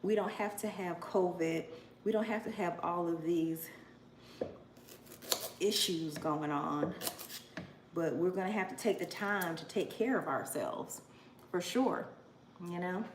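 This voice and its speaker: A woman in her forties with a fairly low voice vlogs casually to camera, chatty and effusive with frequent emotional exclamations. There's slight background noise, and the echoey room carries faint ambience.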